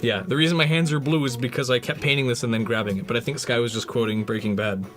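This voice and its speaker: With music playing in the background, a man who streams and makes props talks loosely as he paints, joking and responding to chat. His medium-pitched voice is steady and fairly bright, and he speaks at a quick pace.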